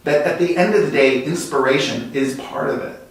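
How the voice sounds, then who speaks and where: A man speaking as a guest design executive, telling lively workplace anecdotes that speed up in quick bursts. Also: mid-range voice. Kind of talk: conversational storytelling. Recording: very echoey room, distant mic.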